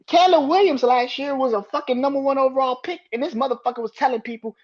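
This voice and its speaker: This solo sports podcast host has a very high-pitched voice and talks quickly. He rants with heated swearing, emphatically arguing with critics he imagines. The audio is dull.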